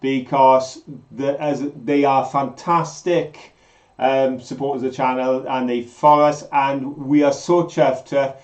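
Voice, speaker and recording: A man's voice: mid-range voice, little pitch movement, measured pace, a little mellow, echoey room, highs cut off. A British man co-hosting a live show, chatting with enthusiasm and drawing out his quiz questions. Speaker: co-host of a live mudlarking show. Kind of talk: casual live-stream chat.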